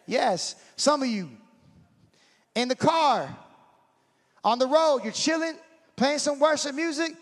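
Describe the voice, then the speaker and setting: A man preaching a sermon in an animated way, acting out scenes and swinging from shouting to a hush. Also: very high-pitched, slow, pauses often. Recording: hall reverb.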